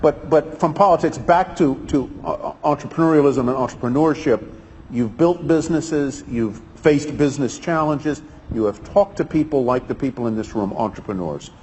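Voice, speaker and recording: A man's voice: mid-range voice, normal speed, a little mellow. A man interviewing a guest on stage in front of an audience, steering the talk with short affirmations and questions. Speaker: interviewer and moderator. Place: large hall with live audience. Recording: reverberant hall, faint ambient noise.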